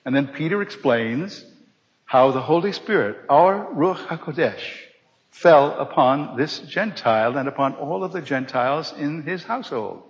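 A middle-aged man telling a personal testimony to a live audience, animated and acting out the voices of the people in his story. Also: on the high side, a little slow. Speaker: speaker giving a personal testimony. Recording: dull recording in a large reverberant hall.

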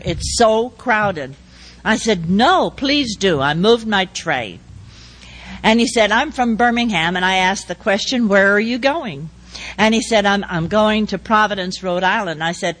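Older woman, speech, storytelling, plays out dialogue, average pitch. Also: fairly bright tone, low-quality recording. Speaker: speaker.

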